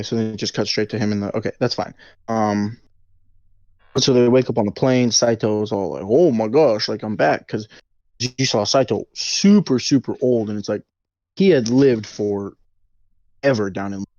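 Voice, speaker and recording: A man's voice: on the low side, moderate pace, darkish tone, no echo, muffled recording. A man co-hosting a casual podcast, recapping a film with lots of fillers and acted-out quotes. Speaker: podcast co-host leading the movie breakdown.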